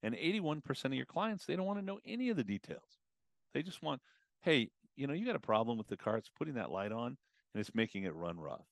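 A man talking as a guest on a podcast about customer communication, casual and animated, acting out customer conversations. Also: medium pitch, fast, gravelly, no echo, clean studio sound. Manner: animated, acts out customer and advisor exchanges. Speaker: automotive business consultant guest.

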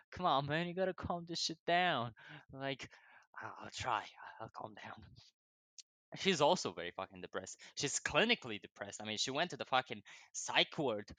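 Bright-voiced young man, rambling and swearing. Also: mid-range voice, dry recording. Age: young adult. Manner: swears constantly, digressive, laughs often. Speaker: vlogger. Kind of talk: rambling personal monologue.

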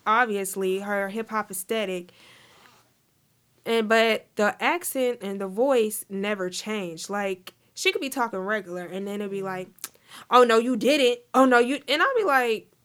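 A woman's voice: medium pitch, animated, measured pace, a bit bright. A young woman co-hosting a podcast in casual chat, telling stories animatedly with quoted voices. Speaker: podcast co-host.

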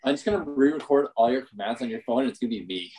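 A man's voice: mid-range voice, expressive, rapid-fire, a little mellow, a little hiss or hum, rough recording. A man, a podcast guest explaining things in casual chat.

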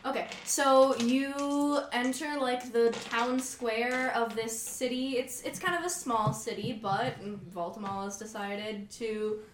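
A woman's voice: fairly high pitch, steady tone, takes it slowly, hardly any pauses, echoey room, a little hiss or hum. A young woman narrating as game master of a tabletop game, hesitant and full of fillers.

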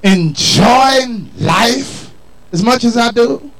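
Lively high-voiced man preaching. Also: extremely slow, poor audio. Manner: call-and-response preaching, colloquial, emphatic. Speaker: pastor. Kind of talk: sermon.

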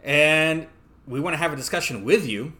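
A man's voice: fairly high pitch, animated, normal speed, bright, forceful tone. A man co-hosting a wrestling podcast from his apartment, talking in an easygoing, hesitant way with lots of fillers. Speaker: podcast co-host. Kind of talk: casual wrestling chat.

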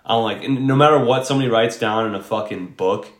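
A man's voice: on the low side, fast. Blunt, foul-mouthed man chatting. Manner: blunt, swears heavily, lots of "like" fillers. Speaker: podcast co-host. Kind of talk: casual chat. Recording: echoey room.

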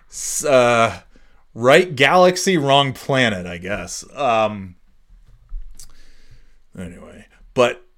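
A man's voice: medium pitch, drawn-out words, long pauses, fairly bright tone. A man ranting casually on his podcast, profane and exasperated, rambling with lots of restarts. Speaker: podcast host. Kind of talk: casual rant.

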